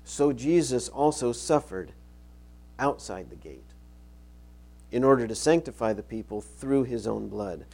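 A man's voice: mid-range voice, moderate pace, creaky, hardly any pauses, dark tone. A middle-aged male pastor preaching a sermon, reading scripture aloud and repeating key phrases for emphasis.

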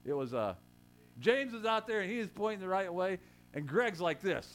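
A man's voice: high-pitched, lively intonation, normal speed. A man preaching a sermon in a conversational way, joking with his congregation and rising to emphatic quotes. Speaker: pastor.

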